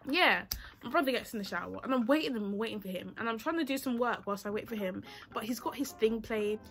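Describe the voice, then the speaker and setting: Perempuan muda yang bercerita dengan cerah dan bertele-tele. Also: female voice, a little high, quick pace, a bit bright. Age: young adult. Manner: chatty, rambling, loses track, sings to herself. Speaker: vlogger. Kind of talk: casual storytime chat.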